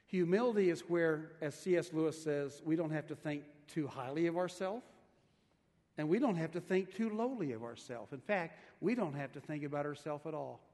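A man preaching a sermon as a pastor, guiding the congregation through a quiet breath prayer and often repeating words as he restarts a sentence. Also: fairly high pitch, long reverb tail.

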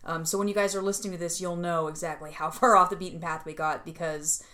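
A woman's voice: on the low side, steady tone, quick pace, pushed and bright. A woman co-hosting a comic book podcast in casual, chatty talk with frequent laughs and restarts. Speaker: podcast co-host. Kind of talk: casual chat.

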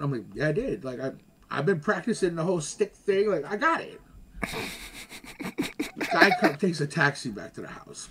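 A man telling stories in casual chat as a guest, animated and slangy, laughing along. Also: on the high side, moderate pace, long pauses, a little hiss or hum.

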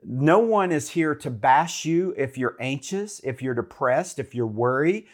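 Man, faith talk show co-host, earnest and encouraging, mid-pitched preacherly delivery. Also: lively intonation, unhurried.

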